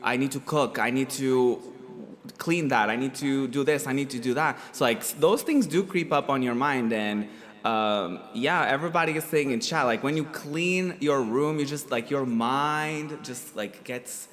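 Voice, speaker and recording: A man's voice: medium pitch, normal speed, a bit bright, in a large hall. A man hosting a casual chat show, campy and playfully teasing. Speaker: host.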